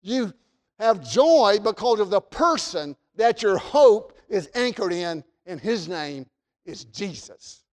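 A man preaching a sermon as pastor, swinging between fervent rising appeals and soft, low prayer. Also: sing-song, slow pace. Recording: long hall reverb.

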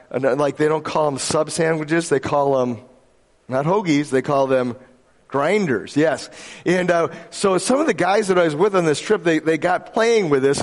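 A man from Michigan delivers a sermon with a slightly high voice, chatty and playful, tossing questions out to the congregation. His voice rings with the long reverb of a large church hall. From Michigan, USA. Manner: conversational, jokey, asks the audience questions. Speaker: pastor.

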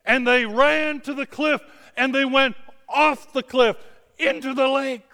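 High-voiced, halting preacher man. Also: steady tone, creaky, bright, forceful tone, clean tone, in a large hall. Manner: halting, repeats words as he retells. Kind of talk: first-person storytelling sermon.

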